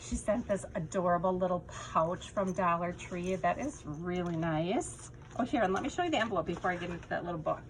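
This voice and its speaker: A woman vlogger gushing her way through unboxing handmade craft swap items, often dropping to soft whispers. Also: fairly low pitch, a little fast, hardly any pauses, a little hiss or hum, rough recording. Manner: gushing, breathless with delight, drops to soft whispers. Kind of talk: casual unboxing chat.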